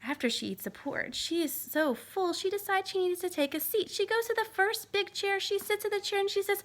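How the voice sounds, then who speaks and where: A woman telling a children's fairy tale aloud with an animated delivery, sometimes dropping to a whisper. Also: extremely high pitch, normal speed. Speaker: storyteller. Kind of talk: reading a children's story aloud.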